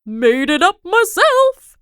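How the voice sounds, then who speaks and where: A woman voicing a jokey, boastful male storybook character, loud and pleased with himself. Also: very high voice, sing-song, takes it slowly, dry recording, clean studio sound, pitched above the performer's own voice, full character voice.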